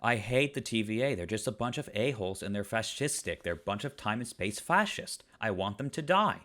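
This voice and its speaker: A man's voice: on the low side, expressive, fairly quick, fairly bright tone. A man giving an exasperated review rant, firing off one rhetorical question after another. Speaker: online reviewer. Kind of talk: ranting episode review.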